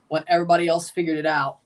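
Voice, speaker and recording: A man hosting a live watchalong, chatting casually in a rambling, sarcastic way and swearing freely. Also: a little high. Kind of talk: casual live reaction chat.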